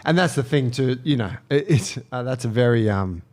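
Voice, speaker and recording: A man's voice: mid-range voice, brisk. Australian man telling a story, swearing. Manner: animated storyteller, swears freely, acts out quotes. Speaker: podcast co-host telling a story. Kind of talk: casual podcast chat.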